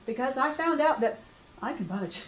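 A woman telling a faith testimony, swinging from hushed storytelling to loud outbursts. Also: high-pitched, animated, moderate pace. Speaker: speaker sharing a faith testimony. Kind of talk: emotional personal testimony. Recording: roomy, slightly dull recording.

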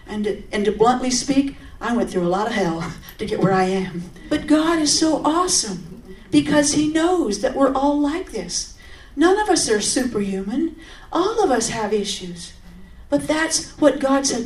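A woman shares her testimony in a sermon, talking earnestly and conversationally. Her voice sits slightly high and jumps into animated bursts of emphasis. She is picked up from some distance, with a roomy echo around her. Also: unhurried, few pauses. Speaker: speaker giving a testimony.

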